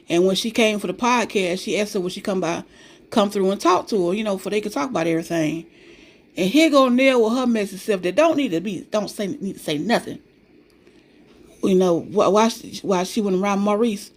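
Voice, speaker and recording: A woman giving a sassy, opinionated casual recap of a reality show, talking straight to her viewers in slang. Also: medium pitch.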